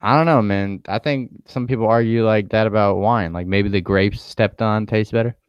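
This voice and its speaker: A man's voice: on the low side, normal speed, smooth, no echo, highs cut off. A young man telling laid-back stories in casual chat, full of slang and swearing. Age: young adult.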